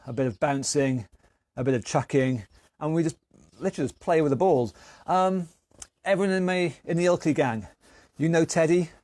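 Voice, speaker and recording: A man from England coaches a live online exercise session, chatting encouragingly and counting down each move while slightly short of breath. The recording is dry, and his mid-range voice has a slightly mellow quality.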